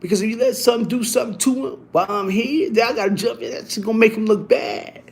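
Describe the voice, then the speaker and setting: A man telling a story casually, in animated and profane street talk that keeps restarting and repeating itself. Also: sits high, fast, creaky.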